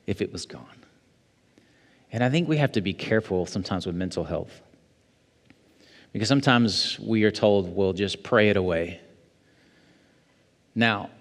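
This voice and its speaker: Slow-preaching pastor in a reverberant church. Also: male voice, fairly low pitch, a bit bright. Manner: measured preaching, quoting scripture, rising to emphatic peaks. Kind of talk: sermon. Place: church sanctuary.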